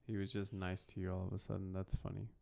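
A man hosting a casual podcast, reacting with quick exclamations. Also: deep voice, monotone, gravelly, darkish tone. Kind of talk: casual chat.

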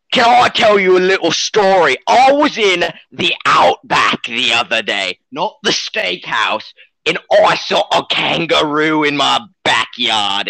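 A man doing a cartoonish Aussie bloke in a comedy podcast, his voice raised a little, gravelly and bright. He drawls his deadpan rambling stories slowly, stuffing in catchphrases, and the recording is dry and close. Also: fairly high pitch, no echo, exaggerated voice, low-quality recording. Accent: put-on Australian. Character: over-the-top stereotypical Australian bloke.

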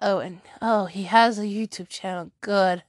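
A woman's voice: medium pitch, fairly even intonation, normal speed, no echo, studio quality. A woman chatting casually in a vlog, rambling with frequent laughs and restarts.

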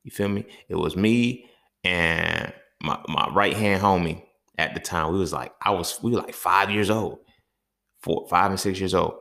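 Deep, gravelly man telling stories. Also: normal speed. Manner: profane, streetwise, animated storytelling. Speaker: podcast host. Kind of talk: casual monologue storytelling.

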